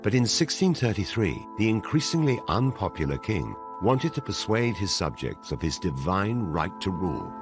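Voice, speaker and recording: A man narrating a documentary in a measured, dramatic scripted delivery. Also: low voice, sing-song. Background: music.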